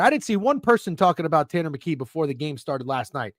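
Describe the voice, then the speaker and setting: A man's voice: on the high side, sing-song, quick pace, dry recording, clean studio sound. A man hosting a sports betting live stream, ranting with heavy swearing and sarcasm while reading out chat messages. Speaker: sports betting show host.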